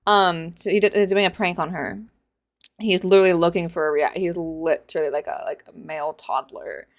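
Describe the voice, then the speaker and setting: A woman's voice: fairly low pitch, fairly even intonation, a little fast. Sarcastic, exasperated young woman vlogger. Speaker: book reaction vlogger. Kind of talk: casual reaction commentary.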